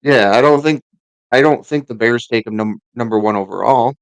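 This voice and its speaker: A man's voice: mid-range voice, moderate pace, dry recording, rough recording. A man co-hosting a casual sports podcast who rambles and restarts his sentences often. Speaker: podcast co-host.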